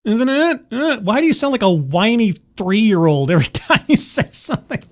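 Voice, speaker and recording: Sarcastic live-stream commentator, exasperated and very animated in pitch. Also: fairly quick. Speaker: streamer reacting to a video.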